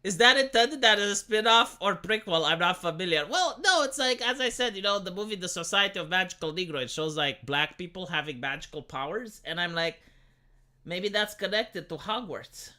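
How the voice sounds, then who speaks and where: Man, livestreamer, high voice, sharp tone, sarcastic ranting, profane, halting restarts. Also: animated. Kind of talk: livestream commentary reacting to film reviews.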